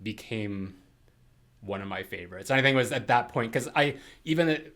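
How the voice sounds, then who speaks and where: A man co-hosting a podcast chats casually, rambling with lots of fillers and frequent laughs. His mid-range voice is expressive and fairly bright, at a moderate pace.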